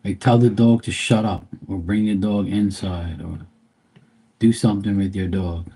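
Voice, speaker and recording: A man's voice: low-pitched, steady tone, normal speed, mellow, husky. A man hosting a live stream, chatting casually with viewers in a blunt, profane, rambling way. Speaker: livestream host.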